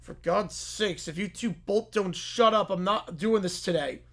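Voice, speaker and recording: A man's voice: high-pitched, a little slow, gravelly, a bit bright, full character voice. A man voicing an irritated, exasperated grown man who mutters in frustration.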